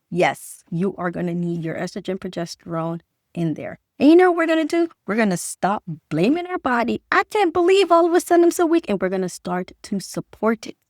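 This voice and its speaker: A woman's voice: medium pitch, no echo, clean studio sound. A middle-aged woman doctor giving a conversational health talk straight to camera. She fires rhetorical questions and repeats her key points for emphasis.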